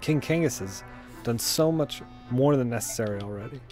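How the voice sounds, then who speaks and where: A man's voice: mid-range voice, moderate pace, a little mellow, faint music behind, natural voice. A man reading as a gracious young princess. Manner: polite and formal. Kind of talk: reading game dialogue aloud.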